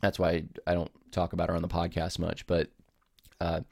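Deep gravelly man, earnest podcast host. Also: completely flat delivery, normal speed, darkish tone, dry recording, clean studio sound. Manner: earnest, apologetic, rambling with many restarts. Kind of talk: casual podcast monologue. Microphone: home recording setup with camera.

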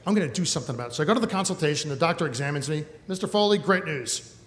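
A man in his thirties telling a comic personal story live on stage, wry and animated. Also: fairly high pitch, racing. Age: 30s. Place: stage in a hall. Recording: echoey hall, faint noise.

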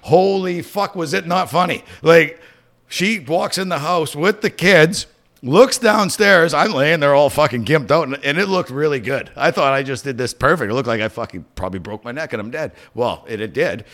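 A man co-hosting a podcast, telling stories in a casual, profane, animated way. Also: on the high side, moderate pace. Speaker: podcast co-host. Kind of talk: casual chat.

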